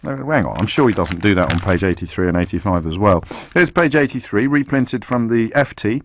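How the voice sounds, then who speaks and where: A man's voice: fairly low pitch, expressive, brisk, slight background noise. A man hosting a live radio talk show, reading aloud on air with sarcastic, mocking asides. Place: radio studio. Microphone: studio microphone.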